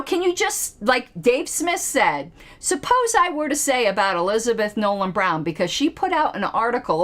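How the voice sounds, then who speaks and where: A woman giving political commentary in a vlog, sarcastic and fond of mocking rhetorical questions. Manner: animated, with sudden pitch jumps.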